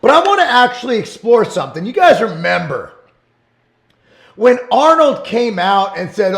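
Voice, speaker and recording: A middle-aged man hosting his own show, talking bluntly and emphatically in a casual monologue, sometimes rising to shouts. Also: high-pitched, big pitch swings, moderate pace, creaky. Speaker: show host and supplement business owner. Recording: roomy echo.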